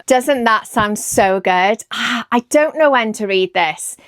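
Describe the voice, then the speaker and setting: A woman with a Welsh accent, chatting excitedly about books she plans to read and often second-guessing herself. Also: a little high, takes it slowly, hardly any pauses, no echo, studio quality. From Wales. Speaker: book vlogger. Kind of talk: casual chat about books.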